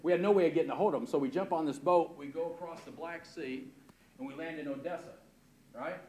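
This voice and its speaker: An older man's voice sits a touch high as he tells an eager, emphatic story in a roomy space with steady background noise. He stumbles over repeated words and keeps checking in with his listener. He speaks as a pastor recounting mission work. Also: quick pace. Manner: lively, emphatic, repeats words and asks "right?". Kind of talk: animated storytelling testimony.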